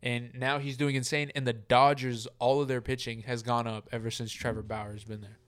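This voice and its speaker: A man's voice: mid-range voice, flat delivery, moderate pace, fairly bright tone. A man co-hosting a casual chat podcast, talking loosely with lots of fillers and the odd swear word. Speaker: podcast co-host.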